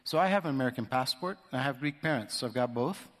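A man with a medium-pitched voice speaks fast and animatedly as a guest in church, giving a vivid personal testimony and voicing each person in his story. Hall reverb makes the audio echoey.

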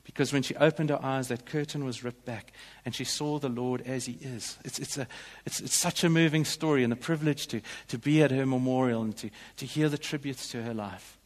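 A man's voice: medium pitch, fairly quick, hardly any pauses, in a large hall. A male pastor delivering a sermon in a church, in an earnest, emphatic way.

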